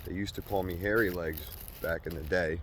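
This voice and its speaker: A man quoting a confused, rambling old man who stammers and trails off, in his own low voice. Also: steady tone, a little fast, a bit bright, slight background noise.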